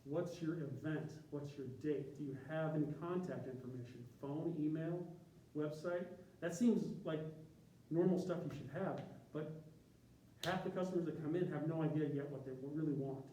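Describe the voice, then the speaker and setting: A man's voice: a little high, normal speed, dark tone, a little hiss or hum. A man who works as a graphic designer, giving an informal presentation to a group in a conversational, rambling way with tangents and restarts. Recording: echoey room from a distance, faint ambience.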